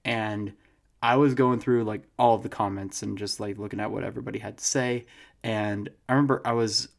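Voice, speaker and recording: A young man co-hosting a podcast in casual chat, telling stories with animated laughter. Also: fairly low pitch, a little fast, gravelly. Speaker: podcast co-host.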